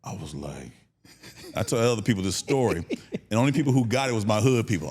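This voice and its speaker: Low-voiced guy in his 50s from cleveland, tells stories with a lot of swing, laughs a lot, acts out the people he quotes. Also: lively intonation, quick pace, darkish tone, slightly rough. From Cleveland, United States. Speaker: guest. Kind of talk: storytelling in casual conversation.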